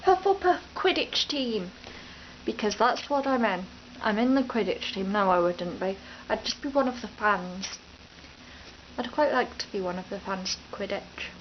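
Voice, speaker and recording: Lively intonation marks this medium-pitched, moderately paced voice of a young British vlogger from the East Midlands. She chats away unscripted at home, rambling and often abandoning sentences halfway. The camera-mic audio has the highs cut off and slight background noise.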